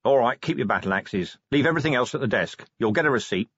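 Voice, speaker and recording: Brief: a man as a middle-aged watch commander for an audiobook, curt and barely contained, husky and dry. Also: mid-range voice, expressive, fast talker, a bit bright, no echo, muffled recording. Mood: cold, curt. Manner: curt, sarcastic, barely holding his temper.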